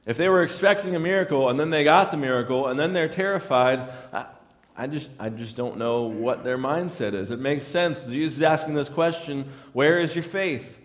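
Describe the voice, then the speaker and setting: A man's voice: medium pitch, a little fast, big-room sound. A man preaching a sermon in a conversational way, often repeating words as he restarts his lines. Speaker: pastor.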